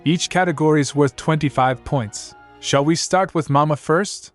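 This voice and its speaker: A man's voice: a little high, normal speed, faint music behind, voice pushed up, natural voice. A man voicing a clever, blunt little girl princess in a storybook recap, talking in a matter-of-fact way.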